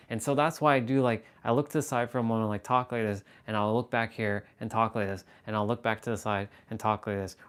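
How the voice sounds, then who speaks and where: A man hosting a casual livestream, talking to his viewers in a rambling, self-amused way, sometimes slowing into a hushed, intense delivery, into a camera on a tripod at eye level. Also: fairly low pitch. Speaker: livestream host.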